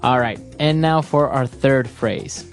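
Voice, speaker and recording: A woman's voice: rumbling low, slow, soft background music. A woman hosting an English lesson podcast, explaining phrases with friendly affirmations. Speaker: podcast host, English teacher.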